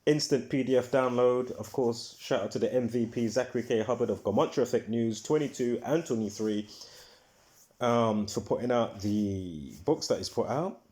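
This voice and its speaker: A man's voice: medium pitch, moderate pace, a little mellow. Rambling man with repetitive fillers. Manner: repetitive, filler-heavy, restarts often; heated, swears when ranting. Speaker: video host. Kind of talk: casual rambling monologue.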